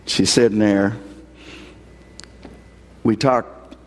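A man's voice: lowish voice, steady tone, extremely slow, big-room sound. A man preaching a sermon as a pastor, earnestly telling stories and quoting scripture. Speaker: pastor and hospital chaplain.

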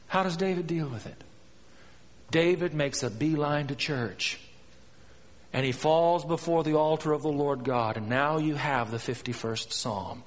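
A man preaching a sermon, storytelling with dramatic swings from hushed to emphatic. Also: a little high, a little slow. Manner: dramatic, rising and falling in intensity. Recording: long reverb.

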